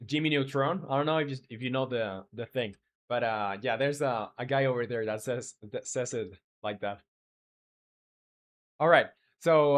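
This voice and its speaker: A man chatting through a live stream while he builds a game, rambling loosely and stopping often on fillers. He reads viewers' messages out and answers them in the same easy way. His voice sits at a middling pitch. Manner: rambling, reads chat aloud, many fillers. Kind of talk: casual live-stream chat.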